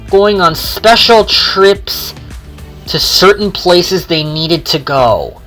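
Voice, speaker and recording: A woman narrating a homemade train story in an unhurried, sing-song storytelling manner. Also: medium pitch, fairly bright tone.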